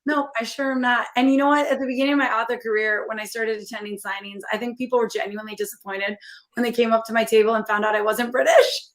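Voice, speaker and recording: A woman's voice: fairly high pitch, quick pace, a bit bright. Chatty candid author, a woman. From American Midwest. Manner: candid, chatty, self-deprecating, many fillers. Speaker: author guest. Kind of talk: casual interview chat.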